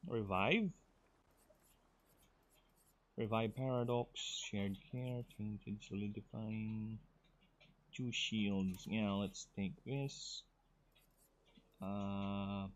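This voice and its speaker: A man's voice: on the low side, extremely slow, long pauses. A man from the Philippines, streaming a game, teasing his viewers and muttering through his choices. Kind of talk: casual game stream chat.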